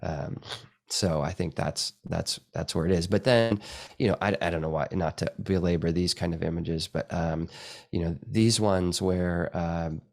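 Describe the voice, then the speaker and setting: Brief: deep male voice, casual and meandering presenter, lots of restarts. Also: a little slow, gravelly. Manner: rambling, restarts often, soft-spoken asides. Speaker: photographer presenting his work. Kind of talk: casual talk with slides. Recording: dry event space with live video call.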